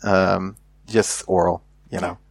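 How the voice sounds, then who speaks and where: American guy, lowish voice, rambly with lots of ums, super dry close mic. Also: flat delivery, takes it slowly, vocal fry, no room sound. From United States. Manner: rambling, with frequent fillers and restarts. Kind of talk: candid casual storytelling.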